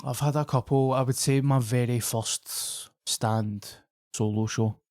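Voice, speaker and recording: A man's voice: mid-range voice, measured pace, slight background noise. Scottish man telling a wild gig story. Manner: animated, swearing, acting out quoted locals. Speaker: guest comedian. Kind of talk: casual podcast storytelling.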